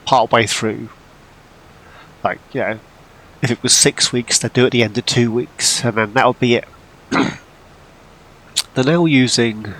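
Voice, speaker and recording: A man's voice: medium pitch, fairly bright tone, rough recording. A man giving casual, rambling commentary while playing a farming game, now and then poking fun at himself. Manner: rambling and self-deprecating. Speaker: gameplay channel host.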